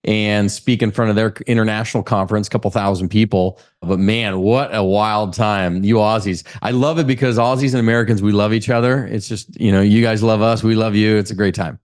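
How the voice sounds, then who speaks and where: A man's voice: fairly low pitch, steady tone, brisk, few pauses, a little mellow. A man talking energetically as a guest on an interview podcast, with frequent restarts. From California. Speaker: guest, real estate investor. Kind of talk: casual interview.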